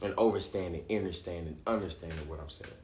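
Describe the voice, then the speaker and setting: Excitable man talking in an echoey room. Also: low-pitched, fast talker, slight background noise. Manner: excitable, repeats and restarts, casual slang. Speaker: livestream host. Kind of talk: live-streamed talk to viewers.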